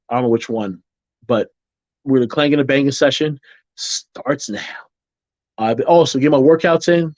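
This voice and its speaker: A man talking casually to his viewers in a vlog, rambling with restarts and repeated phrases, and getting animated when he jokes. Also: medium pitch, no echo, highs cut off. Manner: animated when joking, mimics people in quotes. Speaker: vlogger.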